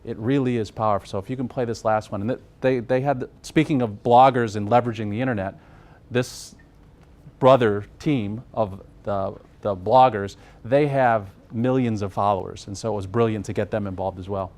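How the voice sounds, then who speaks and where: A man's voice: fairly low pitch, steady tone, normal speed, a little mellow. A man interviewing a guest and presenting to an audience in a casual, earnest way with fillers. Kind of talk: conversational presentation.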